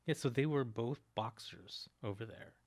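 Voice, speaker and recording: A man in an improvised comedy sketch, stating absurd claims in a deadpan, matter-of-fact way. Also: mid-range voice, moderate pace.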